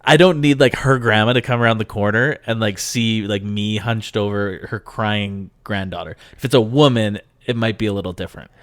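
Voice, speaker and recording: A man's voice: on the low side, normal speed, few pauses, dry recording, studio quality. A man from Canada co-hosting a podcast, telling a story in casual chat and mimicking the people in it. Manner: animated storytelling, mimics voices in quotes. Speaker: podcast co-host.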